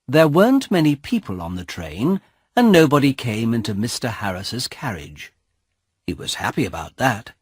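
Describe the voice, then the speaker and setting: Slow, husky male storybook narrator. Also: medium pitch, no echo, clean studio sound. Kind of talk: graded-reader story narration.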